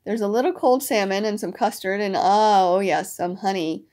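A woman's voice: mid-range voice, normal speed, darkish tone, lightly acted. A brash male gopher who pushes his deals in a busy, salesman-like way, as a woman reads him aloud. He is a storybook character, blunt and pushy.

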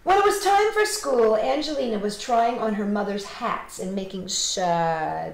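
A woman and children's entertainer reading a picture book aloud, with animated storytelling and asides to the kids. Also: mid-range voice, a little slow, gravelly, hardly any pauses. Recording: roomy echo.

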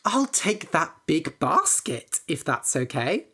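A woman reading a storybook aloud, voicing a sly young male trickster with a smooth, scheming manner. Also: deep voice, very animated, slow pace, bright, forceful tone, exaggerated voice.

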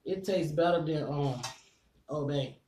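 At home with a meal, a congested man runs a chatty eating vlog, calling viewers y'all and breathing slightly hard between bites. His voice is on the high side and mellow, his pace measured, and the echoey room adds a little hiss or hum.

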